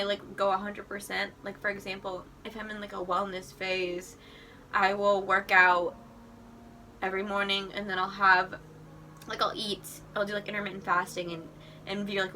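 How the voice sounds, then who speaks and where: A woman's voice: medium pitch, sharp tone. A young woman chatting to camera in a casual vlog, rambling with lots of "like" and "you know.". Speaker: vlogger. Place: outdoors in a city. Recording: voice a little off-mic, faint street noise.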